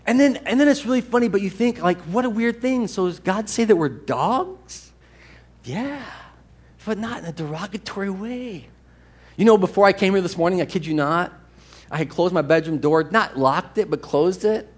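A man preaching a sermon as pastor in a church, animated and storytelling, at times putting on excited voices. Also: sits high, moderate pace. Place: church sanctuary.

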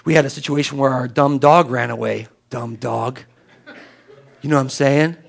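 A man's voice: mid-range voice, quick pace, vocal fry. A man preaching a sermon in an emphatic, conversational way, acting out little exchanges with people. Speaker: pastor.

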